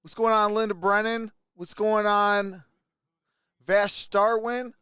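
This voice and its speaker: A man hosting a casual live stream with a hoarse, worn-out voice, who greets viewers one by one and laughs often. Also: high-pitched, little pitch movement, slow pace, pushed and bright, no room sound, clean studio sound. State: hoarse, voice nearly gone. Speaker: livestream host.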